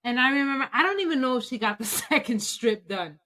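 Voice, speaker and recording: A woman with a slightly raised pitch, chatting casually on a podcast. She tells stories vividly, jumping into loud, animated quotes. Her speech carries features. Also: fast talker. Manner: animated storyteller, acts out quotes loudly. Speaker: podcast co-host. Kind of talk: casual chat.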